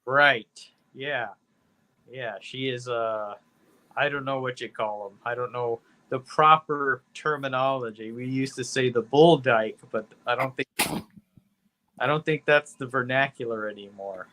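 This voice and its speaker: Man, podcast co-host, casual movie review chat, bright tense tone, rambling, swears casually, fillers like "you know". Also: mid-range voice, measured pace. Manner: rambling, laid-back, profane, heavy with "you know".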